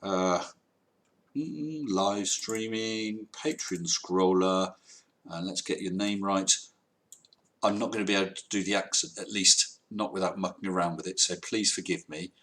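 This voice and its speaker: Bright-toned chatty man. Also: deep voice, little pitch movement, fairly quick. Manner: chatty, wry, reads out viewer comments. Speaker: livestream host. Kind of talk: casual live-stream chat.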